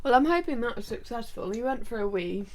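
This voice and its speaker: Woman, podcast co-host, casual storytelling, frequent swearing, slightly high pitch. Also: animated, brisk, a little mellow, slight background noise. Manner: storytelling, swears often, laughs. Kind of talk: casual chat.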